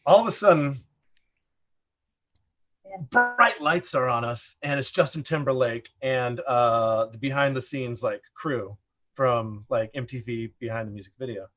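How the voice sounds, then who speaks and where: A middle-aged man telling a casual story as a podcast guest, rambling and animated, full of "like" fillers. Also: medium pitch, unhurried. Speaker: podcast guest, production designer.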